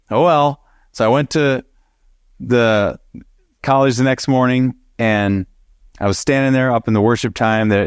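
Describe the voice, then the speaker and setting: A man teaching a Bible study, telling a personal story with lively acted-out dialogue and frequent laughter. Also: medium pitch, no room sound, clean studio sound. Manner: animated storyteller who acts out dialogue and laughs.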